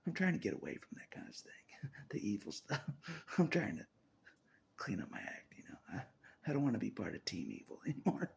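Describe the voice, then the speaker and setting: A man's voice: medium pitch, very animated, brisk, gravelly, long pauses, husky. A man talking on his own about faith, half-whispering and laughing often as he rambles in a restless, searching way. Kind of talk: rambling spiritual monologue.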